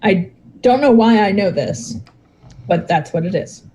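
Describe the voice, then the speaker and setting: A woman hosting a podcast, chatting casually and joking with quick asides. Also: mid-range voice, animated, mellow, low-quality recording. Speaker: podcast host. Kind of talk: casual chat.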